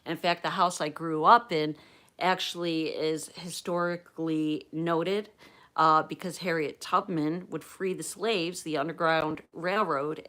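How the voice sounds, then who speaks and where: A woman from Pennsylvania hosting a livestream, telling a personal story in a chatty, animated way and acting out the quotes. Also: deep voice. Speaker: livestream host.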